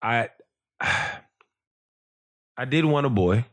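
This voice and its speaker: A man who is a podcast guest, talking in a relaxed, slangy, reflective way with plenty of fillers. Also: mid-range voice, very slow. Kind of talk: casual chat.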